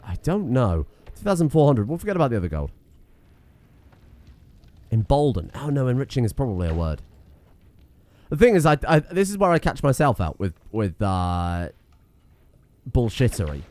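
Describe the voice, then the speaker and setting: A man's voice: medium pitch, very animated, normal speed, pauses often, darkish tone. A man giving casual let's-play commentary, rambling, self-mocking and swearing freely as he plays. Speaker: gaming streamer.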